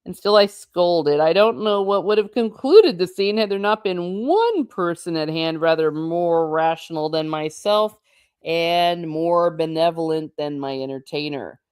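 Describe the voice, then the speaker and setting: A woman's voice: lowish voice, unhurried, a little mellow, clean tone, no echo, studio quality. A woman reading a novel aloud and breaking off for casual, chatty comments, laughing often as she reacts to the text. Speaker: book channel host.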